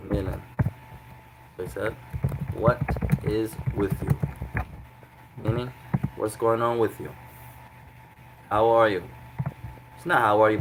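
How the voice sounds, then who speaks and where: A man's voice: on the low side, fairly even intonation, measured pace, pauses often, very noisy. A man teaching Arabic in a class, patiently repeating each translation several ways and breaking the grammar into small steps. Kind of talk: classroom lesson.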